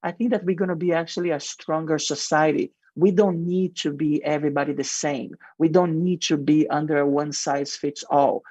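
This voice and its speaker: A man's voice: fairly high pitch, steady tone, normal speed, hardly any pauses, darkish tone, no echo. A male marketing executive with a heavy non-native accent, answering radio interview questions in an earnest, explanatory way with frequent fillers.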